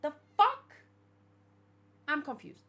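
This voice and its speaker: A young woman hosting a manga read-along, reacting in a chatty, exclamatory way and thinking out loud. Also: sits high, sing-song, takes it slowly. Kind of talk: casual reaction commentary.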